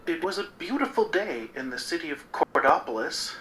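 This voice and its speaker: A person improvising a fantasy tale, halting now and then to think. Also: mid-range voice, big pitch swings, music in the background, low-quality recording. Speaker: storyteller in a party game. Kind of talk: casual improvised storytelling.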